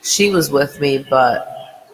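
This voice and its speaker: A man's voice: mid-range voice, animated, takes it slowly, long reverb tail, a little hiss or hum, poor audio. A man co-hosting a podcast, chatting casually in a rambling way and swearing freely. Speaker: podcast co-host. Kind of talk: casual chat.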